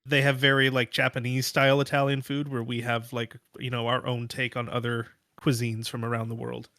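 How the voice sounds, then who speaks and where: A man's voice: medium pitch, brisk, dry recording, studio quality. A man chatting casually as a podcast co-host, with lots of "like" fillers. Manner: relaxed, filler-heavy talk. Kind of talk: casual chat.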